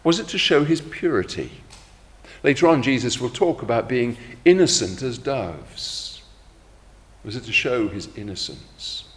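A middle-aged man preaching a sermon in a measured, reflective way, slowing down when he quotes scripture. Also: mid-range voice, expressive, in a large hall.

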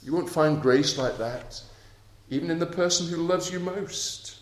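Male preacher, slow and earnest, moves between hushed and emphatic, roomy echo. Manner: earnest, swings between soft intimate lows and emphatic raised passages. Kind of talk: sermon. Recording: echoey room.

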